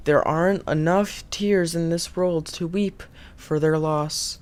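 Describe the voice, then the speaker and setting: An excitable man plays through a horror game, reading the on-screen story aloud between gasps and quick laughs. His voice sits a little higher than most men's. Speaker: gaming YouTuber. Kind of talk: let's-play commentary and reading game text aloud.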